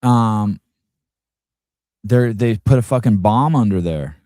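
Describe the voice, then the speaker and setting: A man co-hosting a podcast in casual chat, teasing and deadpan. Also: on the low side, slow, dry recording, studio quality.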